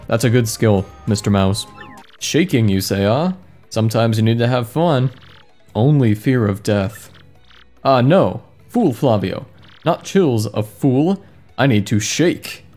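A man doing comedic let's play commentary, reading mistranslated game text aloud and joking about it in a wry, amused way. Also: mid-range voice. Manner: wry, amused, reads mistranslated lines with deadpan jokes. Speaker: gaming commentator. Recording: faint game music behind voice.

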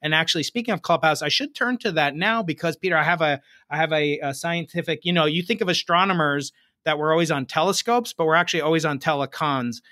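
A man hosting a podcast interview, talking in an animated, jokey way and laughing often. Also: fairly high pitch, fast talker, no room sound, studio quality. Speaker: podcast host. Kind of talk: interview conversation.

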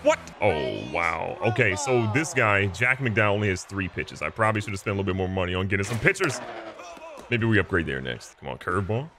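Excitable low-voiced man commentating a game. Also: brisk, over loud music. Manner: excitable, jokey, swings between hype and mock despair. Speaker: gaming channel host. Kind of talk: live gameplay commentary.

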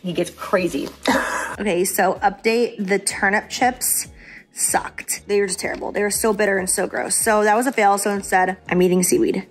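A woman's voice: medium pitch, fairly even intonation, normal speed. A woman vlogging in a casual, gushing chat, full of "like" and giggles. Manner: chatty, gushing, sprinkled with "like" and giggles. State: hungover and tired.

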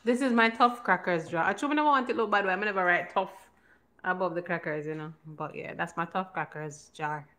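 A woman's voice: lowish voice, fairly quick, sharp tone. A woman hosting a casual mukbang chat at home, laughing and teasing. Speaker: host.

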